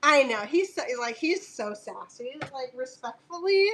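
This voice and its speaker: Woman host for a live fabric sale: high voice, unhurried delivery, chatty and jokey with lots of laughter. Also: animated, a bit bright. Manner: chatty and joking, laughs often, talks aside to her dog. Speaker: fabric seller on a live auction stream. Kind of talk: casual live-stream selling.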